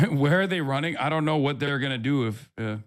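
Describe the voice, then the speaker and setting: A man with a slightly high voice streams live and talks straight back to his chat. He is sarcastic and swears freely, and he rambles from one thought to the next. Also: lively intonation, a little fast. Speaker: livestreamer.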